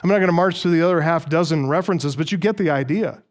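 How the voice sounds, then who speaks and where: A man's voice: a little high, fast talker. A man preaching an expository sermon, earnest and emphatic, with occasional dry asides to the congregation. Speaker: pastor.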